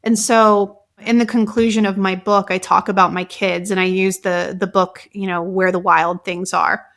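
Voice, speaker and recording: A woman guest and author talking casually in an interview, telling stories in a lively way and filling her speech with "like". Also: medium pitch, moderate pace. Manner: animated storytelling, many fillers like "like". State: emotional at times. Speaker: guest, author and somatic practitioner.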